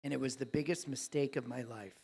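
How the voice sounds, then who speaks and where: A man voicing a young male employee confessing a regret in a subdued, halting way. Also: medium pitch, fairly even intonation, vocal fry, darkish tone, slightly rough, voice pushed down. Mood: ashamed.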